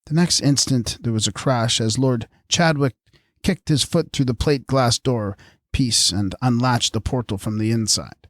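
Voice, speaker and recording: A man's voice: mid-range voice, unhurried, no room sound. Man reading a story, close and dry. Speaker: audiobook narrator. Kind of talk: scripted narration.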